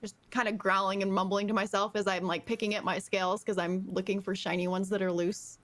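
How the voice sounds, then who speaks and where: A woman's voice: mid-range voice, flat delivery, brisk. A woman playing a tabletop game, rambling casually as she describes in first person what her character does. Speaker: player. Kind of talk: casual tabletop role-play chat.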